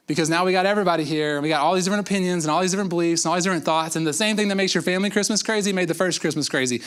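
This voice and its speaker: A man's voice: fairly high pitch, a bit bright, smooth. Man preaching a casual sermon. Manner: conversational preaching with acted-out quotes and repetitions. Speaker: pastor.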